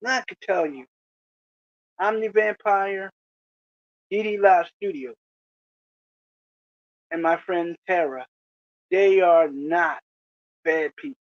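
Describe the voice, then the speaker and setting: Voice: mid-range voice, slow pace, long pauses, no echo, highs cut off. A video creator giving a preachy, lecturing monologue to the camera, often asking "you know?". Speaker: video creator addressing rival channels.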